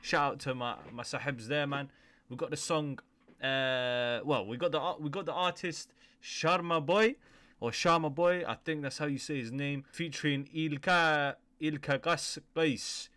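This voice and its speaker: A young man from the UK chats to his viewers in a loose, upbeat reaction-video style. His voice sits a little higher than most men's, and he drops freely as he talks. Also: moderate pace, pushed and bright. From United Kingdom. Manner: upbeat and slangy, addresses viewers directly. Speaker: YouTube reaction host. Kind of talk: casual reaction commentary.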